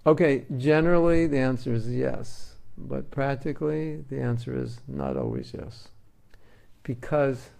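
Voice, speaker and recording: A man with a deeply gravelly voice gives a relaxed, conversational devotional talk. His tone is dark and mellow, and he teaches through everyday examples and light jokes. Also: measured pace. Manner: conversational, joking, uses homely examples. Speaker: spiritual teacher.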